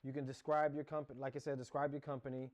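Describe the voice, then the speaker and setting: A man's voice: medium pitch, level tone, fast, darkish tone. A man teaching a casual screen-share lesson, talking through each click as he goes, often restarting and correcting himself. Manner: rambling, self-correcting, talks through clicks. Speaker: course instructor.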